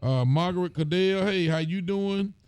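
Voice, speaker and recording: A sheriff hosting a live web show, a man whose voice is fairly high for a man and comes across smooth and clear. He reads viewer comments aloud and greets each person by name in an easy, chatty way, recorded dry and close. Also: normal speed, a little mellow, dry recording. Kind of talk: casual live-stream greetings.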